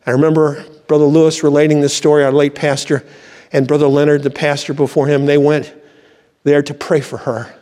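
A man's voice: fairly high pitch, little pitch movement, brisk, warm tone. Older man preaching fervently in a reverberant church. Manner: fervent preaching with exclamations of praise. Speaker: pastor. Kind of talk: sermon.

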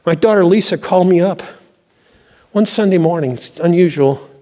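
An older male pastor preaches with fervor, breaking into cries of praise between stories. His voice sits a little high for a man. It rings out with a long reverb tail through the church. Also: moderate pace, warm tone. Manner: fervent preaching with exclamations of praise. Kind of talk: sermon.

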